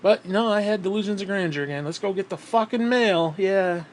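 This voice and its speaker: A man's voice: high-pitched, fairly quick, a little hiss or hum. A man from New York State ranting bitterly and swearing constantly in a vlog, still out of breath as he talks. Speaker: vlogger.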